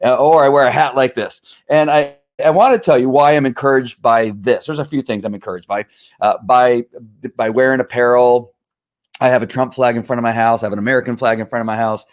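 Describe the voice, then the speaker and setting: A middle-aged man hosting his own show, talking in a rambling, halting way with many fillers and an earnest, emphatic tone. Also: medium pitch, fairly even intonation. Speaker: show host. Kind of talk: casual live-stream monologue.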